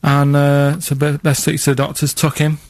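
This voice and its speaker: A man with an English accent, a radio show regular, telling odd stories in a halting, rambling, deadpan way. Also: fairly high pitch, no room sound, studio quality. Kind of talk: comedic radio banter. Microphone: studio microphone.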